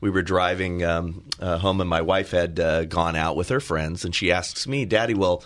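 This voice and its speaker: Low-voiced man telling a halting anecdote. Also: a bit bright. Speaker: radio co-host. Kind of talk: talk radio conversation.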